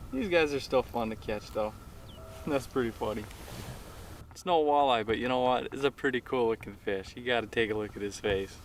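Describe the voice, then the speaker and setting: A man hosting a fishing show from his boat outdoors, narrating with excitable, folksy exclamations. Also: mid-range voice, a little hiss or hum. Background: background music.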